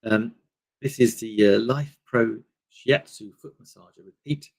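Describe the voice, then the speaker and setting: A man's voice: mid-range voice, unhurried, vocal fry, a little mellow, husky. A man hosting a casual live stream, rambling through products with lots of fillers into a desk microphone. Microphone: desk microphone on a table stand.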